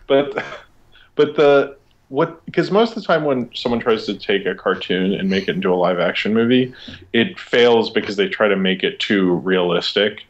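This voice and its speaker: A man's voice: lowish voice, expressive, normal speed. A man co-hosting a casual podcast, talking enthusiastically and rambling with lots of fillers. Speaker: podcast co-host. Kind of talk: casual chat. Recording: slightly dull lo-fi mic with faint hiss.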